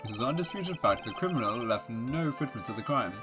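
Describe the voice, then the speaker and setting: A man voicing an elderly, befuddled male judge who speaks slowly and formally, with some hesitation, over game music. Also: medium pitch, animated, lightly acted.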